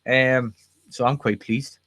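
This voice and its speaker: A man's voice: mid-range voice, steady tone, takes it slowly, a bit bright, no room sound. A man hosting a casual, rambling, jokey chat. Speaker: podcast host.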